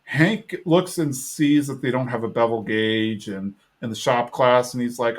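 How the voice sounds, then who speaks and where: A man hosting a podcast, walking listeners through an episode in a loose, chatty way. He leans on fillers as he goes, his voice sitting at an ordinary middle pitch. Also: unhurried, few pauses. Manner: chatty retelling full of fillers. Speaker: podcast host. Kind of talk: casual episode recap.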